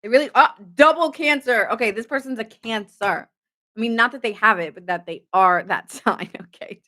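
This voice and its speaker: A woman's voice: fairly high pitch, normal speed, sharp tone. A woman giving a casual late-night tarot reading, chatty and goofy, joking often. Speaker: tarot reader.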